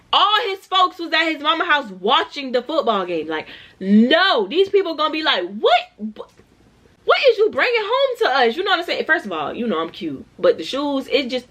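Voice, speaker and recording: A woman in her twenties, a vlogger telling a storytime tale in an animated, slangy way, talking straight to her viewers. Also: mid-range voice. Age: 20s. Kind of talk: storytime vlog.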